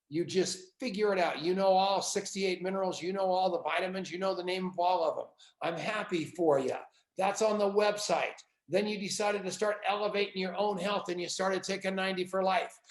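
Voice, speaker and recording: Middle-aged man, motivational team leader on a video call. Fervent and rambling, gravelly fry, echoey room. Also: sits high. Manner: fervent, rambling, shouts out names. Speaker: network marketing leader.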